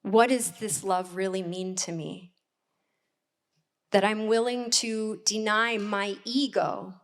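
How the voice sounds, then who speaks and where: Preaching in a church hall, this assistant pastor in her forties delivers a candid, personal sermon punctuated by reflective pauses. Her voice is medium-pitched with fairly even intonation.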